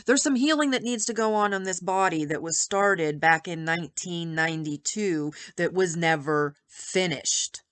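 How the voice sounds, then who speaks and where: A woman's voice: on the low side, moderate pace, few pauses, fairly bright tone, clear, resonant tone. A woman in her fifties talking candidly and with feeling in a personal health vlog, rambling at times. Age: 50s. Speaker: vlogger.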